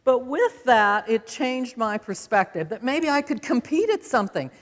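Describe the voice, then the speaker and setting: A Utah woman in her seventies from the American West tells stories from a stage in a large auditorium, her voice a little high, very animated, and moderately paced. Her talk is folksy and conversational, with self-deprecating humor, and the recording carries the long reverb of the hall.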